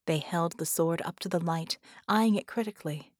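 A woman narrating an audiobook in a measured way, at times dropping into a whisper. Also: lowish voice, no echo, studio quality. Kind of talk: scripted narration.

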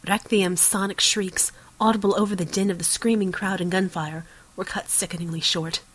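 Woman audiobook narrator, low husky voice, dramatic measured reading. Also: poor audio. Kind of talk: scripted narration.

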